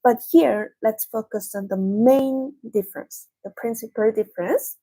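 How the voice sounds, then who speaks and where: A woman who speaks leads a language lesson. Her voice sits a little high and has a husky edge. She explains patiently and goes back over her examples slowly. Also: warm tone. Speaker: Korean language teacher.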